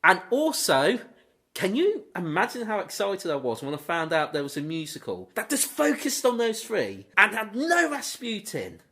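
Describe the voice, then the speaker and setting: A man co-hosting a casual movie debate podcast, chatty and lively. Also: high-pitched, normal speed, creaky, husky. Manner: lively, chatty, slips into goofy quoted voices. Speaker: podcast co-host.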